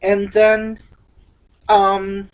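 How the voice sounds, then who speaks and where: A woman's voice: mid-range voice, monotone, very slow. Woman co-host, casual movie recap, loose and rambling delivery. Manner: rambling, with many "like" fillers. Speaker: co-host of a movie review show.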